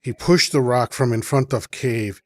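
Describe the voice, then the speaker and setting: A man voicing an earnest man who explains in slow, halting broken English. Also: mid-range voice, dry recording, lightly acted.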